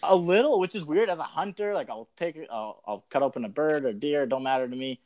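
A man's voice: fairly high pitch, brisk, darkish tone, dry recording. A man chatting casually on a podcast, distracted and laughing as he talks. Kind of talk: casual chat.

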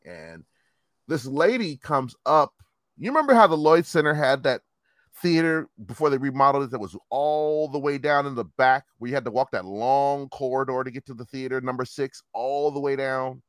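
A man telling a long story in casual chat, animated and profane, acting out the quotes. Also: mid-range voice, moderate pace, no room sound, studio quality.

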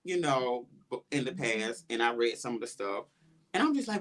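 A man's voice: mid-range voice, normal speed. A man hosting a podcast in casual chat, telling stories and acting out his own past lines with animation. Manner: animated storytelling, quotes himself in raised voice. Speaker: podcast host.

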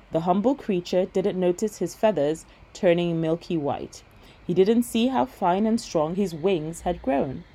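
Low, husky woman reading a bedtime story. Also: dark tone, rough recording.

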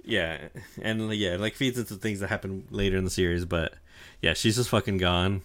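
Speaking at normal speed in a low, fairly bright voice with fairly even intonation, a young podcast co-host casually recaps an anime arc. He rambles and swears, filling the retelling with fillers and lines quoted in different voices.

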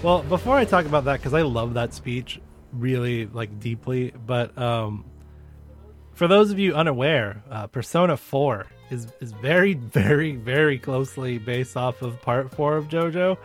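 A man's voice: medium pitch, moderate pace. Chatty young man, faint music behind. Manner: chatty and animated, many fillers and restarts. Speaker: podcast co-host. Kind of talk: casual chat.

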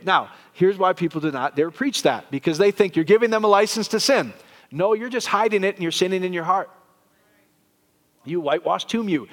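Animated preacher in a reverberant church. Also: male voice, sits high. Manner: animated, joking with the congregation. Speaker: pastor. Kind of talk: sermon. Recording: long reverb of a church hall.

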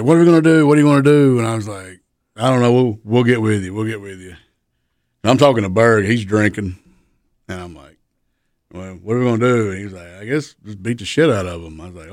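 A man's voice: lowish voice, dry recording, clean studio sound. A man, a wrestler telling profane road stories on a podcast and laughing as he goes. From Chattanooga area, Tennessee. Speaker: professional wrestler guest. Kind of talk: casual podcast storytelling.

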